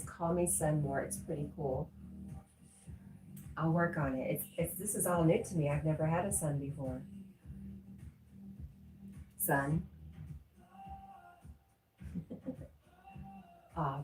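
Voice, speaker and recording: A woman's voice: sits low, slow pace, long pauses, dark tone, reverberant, faint music behind, rough recording. A middle-aged woman hosting a casual livestream, reading chat messages aloud and answering them with frequent laughter. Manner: reads chat messages aloud and chats back, laughing often.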